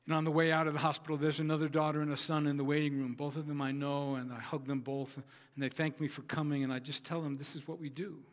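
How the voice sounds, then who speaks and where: An earnest male pastor preaches in a church hall, his slightly raised voice trailing off into a long reverb. He tells his story in measured, repeated phrases, leaning on each line for emphasis. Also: on the high side, level tone. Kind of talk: sermon.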